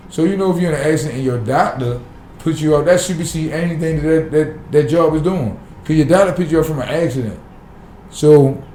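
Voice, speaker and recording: A man talks fast and bluntly, swearing freely, his pitch sitting a little high and his tone dark and mellow. The room echoes around him, with faint music underneath. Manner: blunt, profane, fired-up. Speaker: city sanitation worker, guest. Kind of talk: casual podcast interview.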